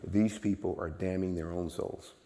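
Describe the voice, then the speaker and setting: A man preaching a sermon in a church, emphatic and repetitive, swinging from low murmurs to loud exclamations. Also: fairly even intonation, moderate pace, big-room sound, a little hiss or hum. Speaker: guest preacher. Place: church sanctuary.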